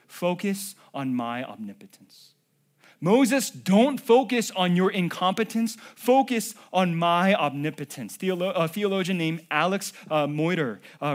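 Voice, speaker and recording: Lively, fairly high-voiced male pastor preaching. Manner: lively preaching, swings from loud emphatic lines to hushed asides. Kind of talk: sermon.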